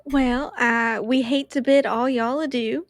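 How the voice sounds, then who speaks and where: A woman's voice: sits high, steady tone, measured pace, no room sound. A woman playing a tabletop game, talking in an easygoing, drawling way. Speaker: player.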